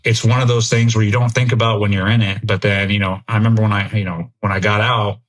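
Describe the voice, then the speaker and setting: A man's voice: fairly low pitch, flat delivery, fast talker. A middle-aged American man and military veteran, a podcast guest talking candidly and reflectively in an interview. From United States. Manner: earnest, reflective, thinks aloud.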